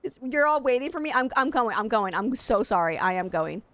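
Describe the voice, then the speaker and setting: A woman's voice: on the high side, lively intonation, a little fast, a bit bright, no echo. A young adult woman streaming a game, chatting casually and rambling straight to her viewers. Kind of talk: casual live-stream chat.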